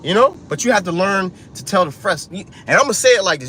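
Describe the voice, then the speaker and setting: A man's voice: high voice, lively intonation, fast talker, pushed and bright, husky. A man preaching an informal street sermon, urgent and profane, ending lines with "man" and "bro".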